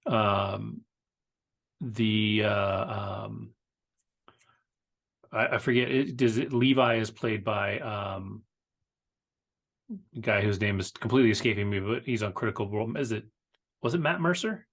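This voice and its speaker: A man co-hosting a casual pop-culture podcast, talking in a halting, laid-back way. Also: fairly low pitch, creaky, fairly bright tone. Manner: halting, lots of fillers and restarts, laid-back. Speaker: podcast co-host.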